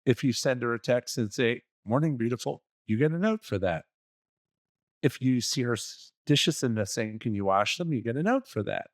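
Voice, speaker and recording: Man, podcast co-host, blunt profane advice, mid pitch, dry close sound. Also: expressive, normal speed, no echo. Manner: blunt and profane, acts out quoted dialogue. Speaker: relationship coaching podcast co-host. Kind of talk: casual podcast advice talk.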